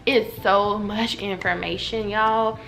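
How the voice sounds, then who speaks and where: A woman, telling a story to her viewers at home in a lively, chatty way. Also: medium pitch, slow, vocal fry. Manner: animated, chatty, talks straight to viewers. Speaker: vlogger. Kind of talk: casual storytelling to camera. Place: at home indoors.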